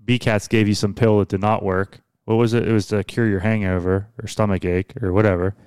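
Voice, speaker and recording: A man's voice: fairly low pitch, level tone, a little fast, a little mellow, clean tone, no echo, clean studio sound. A man hosting a podcast, chatting casually and teasing his guest. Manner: joking, teasing. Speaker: podcast host. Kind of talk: casual chat.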